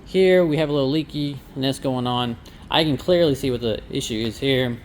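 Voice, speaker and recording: A man's voice: mid-range voice, moderate pace. Man, chatty laundromat owner vlog, wry sarcastic asides, light background noise. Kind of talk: casual vlog walkthrough. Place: inside a laundromat.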